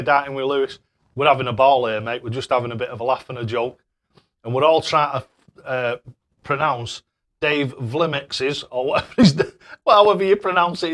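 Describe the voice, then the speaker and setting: An older man casually livestreams himself throwing darts and reading viewer messages, often laughing and stumbling on tricky names. His mid-range voice is a bit bright.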